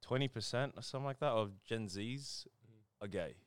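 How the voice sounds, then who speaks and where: A man's voice: mid-range voice, moderate pace, smooth, dry recording. A man in casual podcast chat, talking earnestly and ramblingly, swearing casually. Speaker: podcast co-host.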